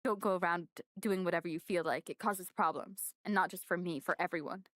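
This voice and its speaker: A woman voicing a cool, stern teenage girl detective in a game, speaking in a curt, low, scolding voice. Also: brisk, fairly bright tone, no room sound, clean studio sound, natural voice.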